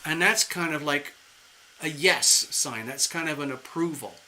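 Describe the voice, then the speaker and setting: Bright-voiced chatty tarot reader. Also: male voice, fairly high pitch, measured pace, a little hiss or hum, poor audio. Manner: animated, chatty, conversational and playful. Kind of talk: live-stream tarot reading.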